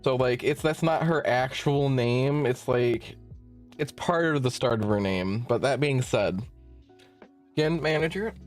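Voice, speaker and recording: Young man ranting through a story. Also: a little high. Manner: rambling, profane, self-interrupting. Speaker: streamer. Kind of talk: casual storytelling rant. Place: home streaming setup.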